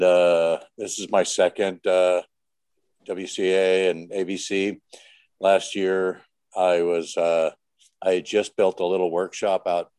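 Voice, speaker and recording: Man, deep voice, casual call share, dry sound. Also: darkish tone, no echo. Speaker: meeting participant sharing. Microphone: video call.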